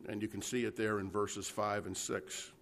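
A man's voice: lowish voice, level tone, moderate pace, a bit bright, slight background noise. A man preaching a conversational sermon, reading scripture aloud and explaining it to a live congregation. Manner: conversational Bible teaching, frequent restarts and "right?" checks.

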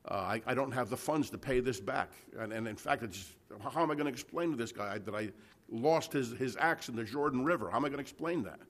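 In a brisk, slightly bright mid-range voice, a man gives a conversational sermon to a live congregation. He reads Bible passages aloud and unpacks them, frequently restarting and asking "right?" to keep listeners with him.

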